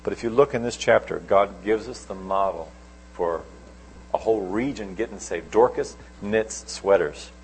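Male preacher, middle-aged, gravelly low voice, animated storytelling, faint background hum. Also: moderate pace, poor audio. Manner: animated storytelling, sudden loud and soft swings. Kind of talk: sermon.

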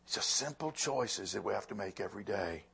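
A man preaching a sermon as pastor, swinging between loud emphatic lines and hushed, quiet ones. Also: fairly low pitch, lively intonation, a little fast, gravelly, husky.

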